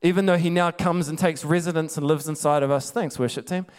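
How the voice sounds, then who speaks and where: Clear-voiced male preacher. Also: fairly high pitch, fairly even intonation, brisk. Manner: emphatic, conversational storytelling. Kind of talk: sermon.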